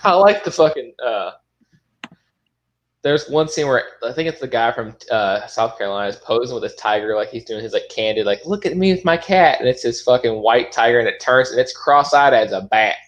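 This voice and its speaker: A man's voice: medium pitch, fairly quick. A man co-hosting a casual podcast, bantering with crude jokes. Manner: profane, joking banter. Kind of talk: casual chat.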